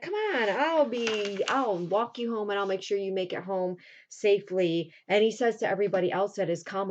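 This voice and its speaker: A woman teacher talks her students through a recap in an easy, informal voice, popping into short acted quotes as she goes. Her pitch sits in the middle range. The recording is a bit dull and lo-fi. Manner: casual retelling with quick acted quotes.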